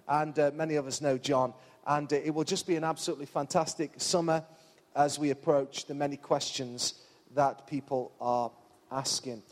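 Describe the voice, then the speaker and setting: Halting English church announcer, echoing hall. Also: male voice, on the high side, steady tone. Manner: halting, many fillers and restarts. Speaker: church leader making announcements.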